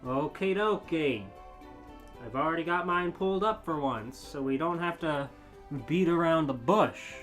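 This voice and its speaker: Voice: mid-range voice, moderate pace, a bit bright, faint music behind. A podcast co-host chatting casually and reading fanfiction aloud, laughing often and rambling.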